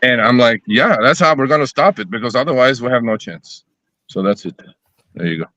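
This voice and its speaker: Profane, animated man telling a story. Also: medium pitch, fairly quick, highs cut off. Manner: profane, animated storytelling, acting out both sides of conversations. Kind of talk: casual chat on a live stream.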